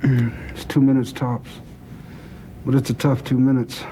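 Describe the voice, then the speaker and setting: An actor playing an older crime boss with a gruff, gravelly, blunt and profane way of talking, in a film scene. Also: male voice, mid-range voice, little pitch movement, measured pace, warm tone, a little hiss or hum, close to an everyday voice. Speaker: crime boss planning a heist. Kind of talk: film dialogue.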